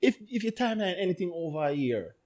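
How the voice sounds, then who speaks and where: A man co-hosting a casual podcast about stock earnings, talking in an animated, joking way. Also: high-pitched, fast talker. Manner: animated, joking, playful storytelling. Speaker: podcast co-host.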